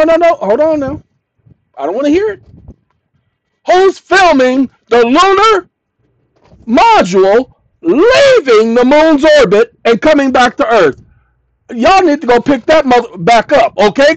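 A channel host with a high voice reads an old document aloud and comments on it emphatically, often telling listeners to pay attention. The sound is lo-fi, with no echo.

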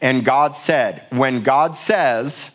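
A man's voice: medium pitch, extremely slow, a bit bright. Fervent pastor man preaching. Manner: passionate, emphatic preaching with repeated words. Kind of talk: sermon. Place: church sanctuary.

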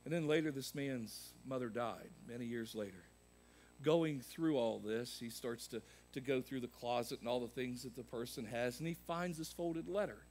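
A man preaching a sermon as pastor, swinging from loud emphatic peaks to quieter asides. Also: medium pitch, moderate pace. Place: church sanctuary.

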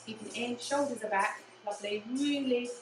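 A woman with an English accent leading a low impact cardio class, encouraging and repetitive in her cues, sometimes out of breath. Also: a little fast. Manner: encouraging, repeats cues like "again" and "yeah". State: out of breath at times. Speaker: fitness instructor. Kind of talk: guided exercise class. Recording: echoey room, distant mic, music. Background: music playing.

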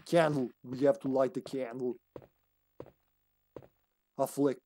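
A man's voice: medium pitch, slow pace, long pauses, darkish tone. A man streaming a video game live, chatting casually, giggling often and talking to the game and his cat. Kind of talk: casual gaming commentary.

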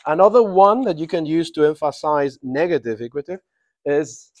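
A man's voice: on the high side, expressive, a little mellow. Man teaching an English grammar class. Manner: drawn-out emphatic prompting of students.

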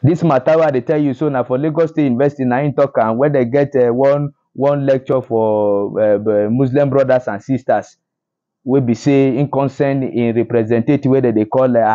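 Nigerian Pidgin-accented man, indignant news commentator, dark tone, stumbling repeats, lo-fi audio. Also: mid-range voice. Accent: Nigerian Pidgin English. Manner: indignant, repetitive, stumbling restarts. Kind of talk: social media news commentary.

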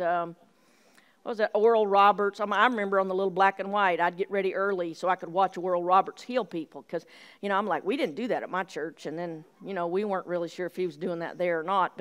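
A woman's voice: mid-range voice, a bit bright, clean tone. A middle-aged woman giving an informal, chatty Bible teaching, self-deprecating and acting out little dialogues.

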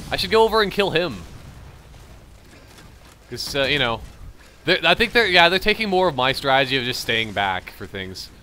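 A man's voice: medium pitch, bright, forceful tone, a little hiss or hum. A young man with a light Canadian accent, rambling chattily as he comments on his own gameplay. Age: young adult. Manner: rambling, chatty, thinking aloud. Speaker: gamer commentator.

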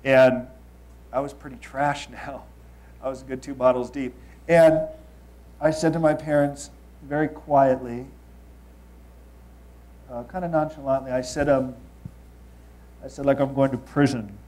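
A man's voice: mid-range voice, steady tone, a little slow, long pauses. Man in his thirties telling a story. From Los Angeles, United States. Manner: confessional, swings between loud emphasis and quiet asides. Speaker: speaker. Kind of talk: storytelling talk to an audience.

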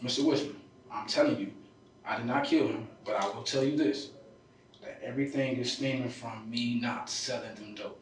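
A man's voice: mid-range voice, moderate pace, recorded from a distance, noisy background. A man answering police questions in an interrogation, heated and defensive, using street slang. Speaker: interrogation suspect. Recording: echoey room recorded from afar.

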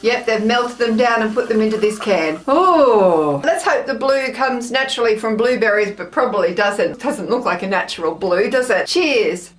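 Chatty woman vlogger with a bright high voice. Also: animated, normal speed, few pauses. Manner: chatty and enthusiastic, gushing over snacks. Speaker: food taste-test vlogger. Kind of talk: casual taste-test vlog. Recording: roomy echo from the mic at a distance, soft music.

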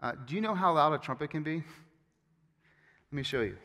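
A man preaching a sermon as pastor, with animated, emphatic storytelling and frequent restarts. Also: a little high, a little fast. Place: church sanctuary. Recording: long hall reverb.

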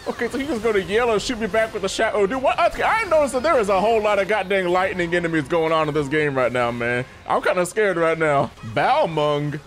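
A man giving excitable, slangy let's play commentary, often yelping into high squeals. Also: fast talker, hardly any pauses, a little hiss or hum. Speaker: gaming YouTuber. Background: faint game music.

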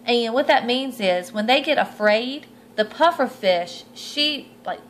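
A woman's voice: fairly high pitch, expressive, a little slow, a little hiss or hum, low-quality recording. Woman reading a storybook aloud. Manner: stops to point at pictures and ask questions. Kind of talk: reading a picture book aloud to children.

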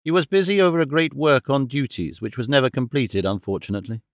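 A man reading a classic novel aloud as an audiobook narrator, in a measured, formal storytelling manner. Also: medium pitch, no echo, clean studio sound. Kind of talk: scripted narration.

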